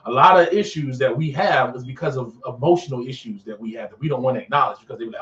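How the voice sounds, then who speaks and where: Talking fast with few pauses in a mid-range voice, a man hosts a podcast talk show, preaching casually and energetically and repeating phrases to drive points home. He plays characters in animated skits. Recorded in an office, the audio is echoey and dull, with the microphone at a distance.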